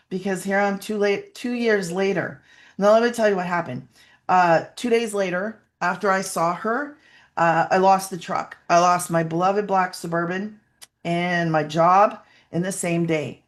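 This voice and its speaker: A woman's voice: lowish voice, fairly even intonation, a little slow. A woman giving a rambling, heartfelt personal testimonial as a webinar guest over a video call, sometimes close to tears.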